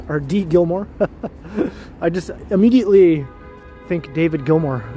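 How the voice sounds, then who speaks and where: A man's voice: fairly high pitch, takes it slowly, dark tone, faint music behind. A man hosting a walking livestream outdoors downtown, chatting casually with viewers and laughing often. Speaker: livestream host. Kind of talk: casual live-stream chat. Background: city traffic.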